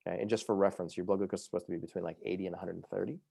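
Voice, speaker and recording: A man telling his own story as a podcast guest, lively and quick, with many fillers like "you know" and "like". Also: low voice, gravelly, breathy edge, dry recording, clean studio sound. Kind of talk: animated personal storytelling.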